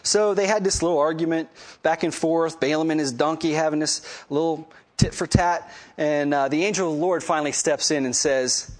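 A man teaching a casual Bible lesson, retelling the story conversationally with many fillers and lively storytelling. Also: fairly high pitch, moderate pace.

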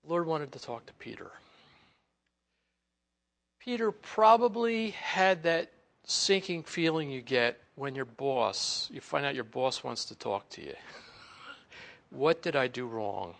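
Guy pastor preaching, kinda gravelly, voice sits a bit high, acts out the quotes. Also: lively intonation, takes it slowly, pauses often, fairly bright tone. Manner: storytelling, acts out quotes, laughs often. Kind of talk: sermon.

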